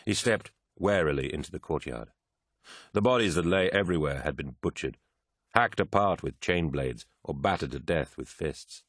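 Deep-voiced male audiobook narrator. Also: animated, moderate pace, fairly bright tone, no echo, studio quality. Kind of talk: scripted narration.

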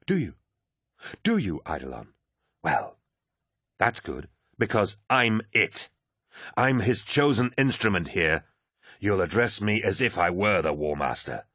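A man's voice: fairly low pitch, very animated, unhurried, long pauses, fairly bright tone, breathy edge, no room sound, clean studio sound, heavily acted. Guy putting on a cocky soldier captain, mocking and barking, swings up and down a lot. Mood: scornful. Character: brash, insolent male warrior captain.

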